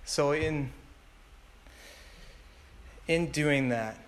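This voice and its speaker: A man's voice: on the high side, extremely slow. Man telling a rambling personal story. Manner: rambling, with many fillers and restarts. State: tearful. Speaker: speaker sharing a testimony. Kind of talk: personal testimony talk.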